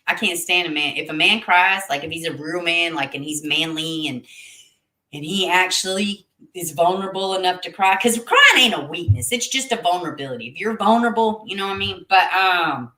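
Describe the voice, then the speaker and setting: A woman's voice: on the low side, a little fast, pushed and bright, echoey room. A woman hosting a casual livestream, chatting with viewers, reading their comments aloud and laughing often. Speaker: livestream host reading chat.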